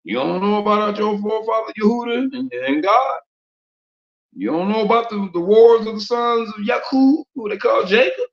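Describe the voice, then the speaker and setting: Speaking at a normal speed, a man with a high voice and vocal fry gives a slangy, informal preaching talk, peppering it with rhetorical questions. It's captured on a muffled, low-fidelity recording with noticeable room echo.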